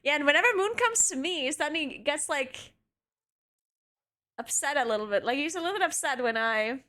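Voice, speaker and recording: A woman's voice: sits high, expressive, moderate pace. A young adult woman streaming casually, chatting with her viewers and cooing at her cats, laughing often. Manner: talks to pets in a soft cooing voice, laughs often.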